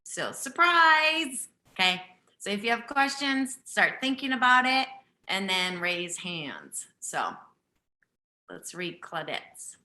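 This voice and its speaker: Slow, bright-voiced woman teacher. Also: lowish voice, animated, roomy sound. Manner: gentle, earnest and repetitive. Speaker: breathwork teacher and host. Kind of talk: live online session talk.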